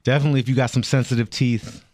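A man chatting casually with co-workers as they taste-test snacks, playful and quick to tease. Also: mid-range voice, level tone, darkish tone. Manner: playful, lots of drawn-out "ooh"s. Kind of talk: casual chat.

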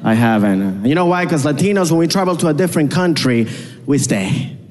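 A man's voice: on the high side, expressive, a little fast, darkish tone. A man from Venezuela with a Venezuelan Spanish accent, doing a punchy stand-up set to a live crowd. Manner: punchy, repetitive joke delivery to a crowd. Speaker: stand-up comedian. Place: comedy club stage. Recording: reverberant hall with audience noise. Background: live audience.

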